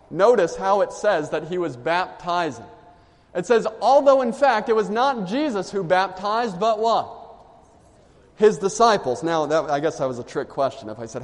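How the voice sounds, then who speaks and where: A man preaching a sermon to a congregation, reading scripture aloud and pausing for the listeners to fill in the missing words. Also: high voice, in a large hall. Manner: asks the congregation questions and lets them fill in words.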